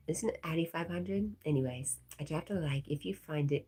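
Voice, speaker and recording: A woman with a low, husky voice hosts a relaxed livestream. She reads viewers' comments out loud and answers them in an easy, chatty way, laughing often. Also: normal speed. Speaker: livestream host. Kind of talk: casual livestream chat.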